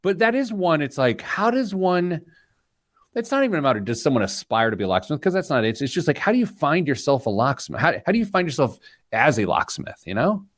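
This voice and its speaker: Animated joking male podcast host. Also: on the high side, quick pace, dry recording, studio quality. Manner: jokey, storytelling, animated. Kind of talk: casual chat.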